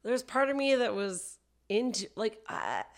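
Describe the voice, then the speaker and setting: A woman comedian chatting as a podcast guest, self-deprecating and quick to laugh, with a dry, coughing throat. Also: fairly high pitch, lively intonation. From Canada. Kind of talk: casual podcast chat.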